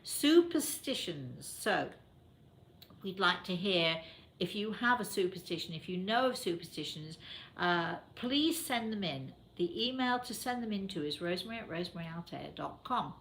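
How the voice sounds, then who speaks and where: A British woman hosts a call-in style show, chatting loosely with plenty of fillers and asides. Her voice sits somewhat low, and a faint hiss runs under the recording. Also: lively intonation, normal speed. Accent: British English. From England. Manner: chatty, warm addressing listeners, many fillers. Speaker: host. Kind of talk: casual radio show talk.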